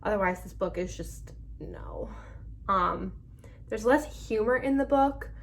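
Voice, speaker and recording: A woman's voice: mid-range voice, expressive, measured pace, gravelly, rough recording. A young woman giving a casual book review in a chatty way, full of 'um' and 'like'. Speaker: book club vlogger.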